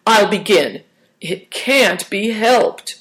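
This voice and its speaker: A woman voicing an eager, stubborn young boy in a storybook reading, her voice raised higher than her narration. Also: expressive, slow pace, a bit bright, rough recording. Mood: insistent.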